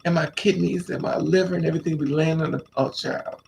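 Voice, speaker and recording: A man telling a raunchy story to his live chat in a flamboyant, sassy way, laughing and squealing up high. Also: steady tone, fast, vocal fry, a little mellow, slight background noise. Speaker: live stream host.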